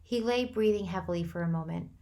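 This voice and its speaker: Steady woman reading a novel aloud. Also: lowish voice. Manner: steady, unhurried storytelling. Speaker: teacher reading to a class.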